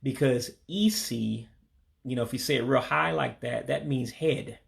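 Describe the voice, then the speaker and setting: A man from Michigan, casually walking through a vocabulary lesson and repeating each word slowly, with frequent ums and uhs. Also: mid-range voice, fairly even intonation, vocal fry. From Michigan, USA. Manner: repeats words slowly, hesitant with many fillers. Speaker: language learner teaching vocabulary.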